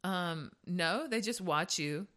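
A Southern woman with a deep, low-set voice chats casually as a co-host. She tells animated stories, swears freely and laughs often. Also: slow pace. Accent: Southern American. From southern Georgia, US. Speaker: podcast co-host. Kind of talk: casual chat.

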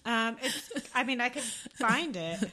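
A woman's voice: a little high, animated, measured pace, sharp tone. A young adult woman co-hosting a podcast, chatting in a playful, self-mocking and slightly dramatic way. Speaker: podcast co-host. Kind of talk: casual chat.

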